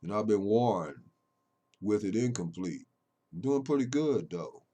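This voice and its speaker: Emphatic, preachy man with a lowish voice. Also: lively intonation, a little slow. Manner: preachy and emphatic, swinging between loud declarations and low intimate murmurs. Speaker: poet. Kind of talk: impassioned spoken monologue on his poems.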